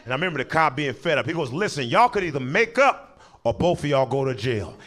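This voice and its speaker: A man doing stand-up, telling a long story and acting out the people in it with quick voice changes. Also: a little high. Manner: animated, acts out characters in quick voices, breaks into laughter. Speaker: stand-up comedian.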